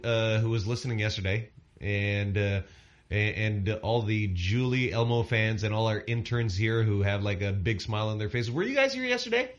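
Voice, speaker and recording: Joking radio DJ. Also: male voice, mid-range voice, fairly bright tone. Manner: joking, teasing, rambling with many fillers. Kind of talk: casual on-air banter. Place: radio studio.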